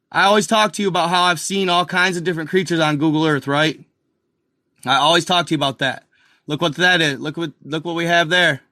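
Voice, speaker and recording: A man hosting a casual video, excitedly talking viewers through an old map and repeating himself as he points things out. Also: on the high side, no echo, clean studio sound. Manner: excited, repetitive, addresses viewers as guys and y'all. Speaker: video host. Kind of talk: casual commentary over a map.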